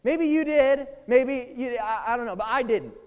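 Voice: medium pitch, moderate pace, darkish tone, in a large hall. A preacher giving a sermon in a casual, conversational way, often asking the listeners "right?" and acting out the inner voices of the people being quoted.

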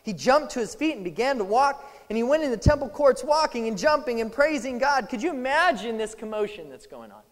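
Animated high-voiced male preacher in reverb. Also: brisk, hardly any pauses. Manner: animated, acts out scripture scenes with voices. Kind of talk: sermon. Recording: long hall reverb.

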